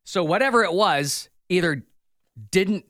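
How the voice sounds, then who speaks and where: Brief: playful male radio co-host, lively swinging pitch, dry studio sound. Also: unhurried, dry recording. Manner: playful, animated delivery. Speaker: radio morning show co-host. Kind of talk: casual radio banter and news reading.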